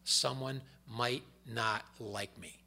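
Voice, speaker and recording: Bright-voiced man preaching a sermon. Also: mid-range voice, fairly even intonation, slow, gravelly. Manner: swings between loud emphatic reading and quiet asides. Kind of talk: sermon, reading and explaining scripture.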